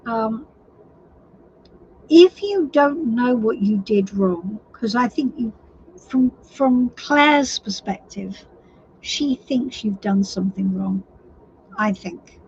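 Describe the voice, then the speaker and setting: A woman's voice: fairly high pitch, expressive, slow pace, long pauses, darkish tone. A woman giving a live tarot reading to viewers, chatty and sympathetic, often restarting her sentences. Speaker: tarot reader. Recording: slightly dull lo-fi stream audio with faint noise.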